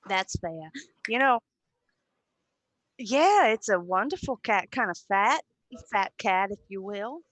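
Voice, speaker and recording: A woman's voice: mid-range voice, lively intonation, slow pace, a bit bright, no echo. A woman player chatting in character during a tabletop game, rambling and self-deprecating.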